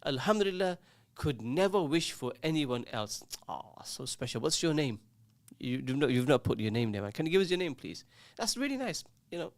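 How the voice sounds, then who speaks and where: A man's voice: medium pitch, very animated, a little fast, vocal fry, hardly any pauses, no echo. A man presenting a casual radio show, chatting, teasing his co-host and reading out listener messages. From England. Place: radio studio. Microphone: studio microphone.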